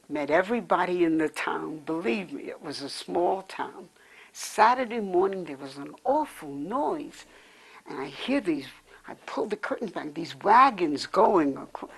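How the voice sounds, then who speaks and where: A woman's voice: fairly low pitch, creaky, husky, poor audio. An older woman from New York City telling her life story in an interview, rambling and backtracking as she remembers. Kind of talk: oral history storytelling.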